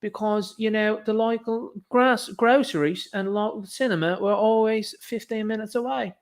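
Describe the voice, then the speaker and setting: A man's voice: high voice, fairly even intonation, moderate pace, pitched above the performer's own voice. A man with an Irish accent putting on an English accent to mock a smug young Englishman. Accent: English, put on.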